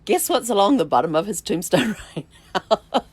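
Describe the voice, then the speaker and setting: A middle-aged woman hosting her own vlog, telling a personal story in a reflective, unhurried way, with halting restarts and soft "um"s. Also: medium pitch, sing-song, breathy edge. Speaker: vlog host, family tree researcher.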